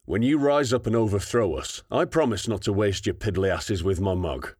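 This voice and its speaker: A man's voice: fairly low pitch, moderate pace, breathy edge, no room sound, studio quality. A man voicing a weary, dismissive young woman soldier. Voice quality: flat, unimpressed delivery.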